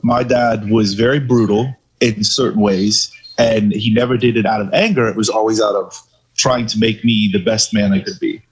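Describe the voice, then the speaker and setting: A man co-hosting a podcast, telling stories in a casual, profane, animated way. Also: fairly low pitch, normal speed, slightly rough, rough recording. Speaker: podcast co-host. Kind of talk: casual storytelling chat.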